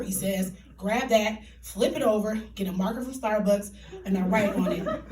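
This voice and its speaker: A woman telling a comic true story live on a theater stage, animated and laughing, in colloquial speech. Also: on the high side, normal speed, a crowd in the background. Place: theater stage before an audience. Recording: echoey theater, distant mic.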